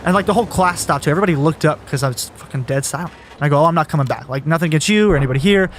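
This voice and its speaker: Fast-talking young man telling a story. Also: fairly high pitch, slight background noise. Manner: storytelling, swears freely. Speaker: guest telling his story. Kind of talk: casual podcast chat.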